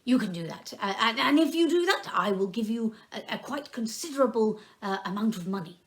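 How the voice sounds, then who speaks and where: A man's voice: high voice, expressive, brisk. A man voicing a flustered, bumbling prime minister who rambles and stammers.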